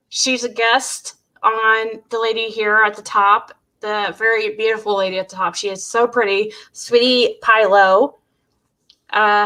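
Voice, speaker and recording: A woman with a bright, forceful voice talks casually as a commentary host. She rambles a little and restarts her sentences as she sets up the clips. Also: on the high side. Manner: rambling, many restarts, speeds up in asides. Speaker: true-crime commentary host.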